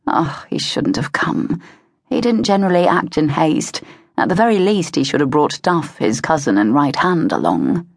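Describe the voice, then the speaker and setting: Woman audiobook narrator, low husky voice, measured and expressive, dry close mic. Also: no echo. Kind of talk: scripted narration of a historical romance.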